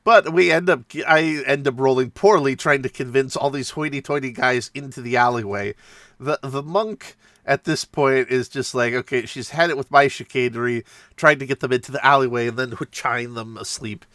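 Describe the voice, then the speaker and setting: A man's voice: mid-range voice, normal speed, fairly bright tone, no room sound, clean studio sound. A man casually retelling a tabletop game session, rambling and self-mocking with frequent laughs. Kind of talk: casual storytelling.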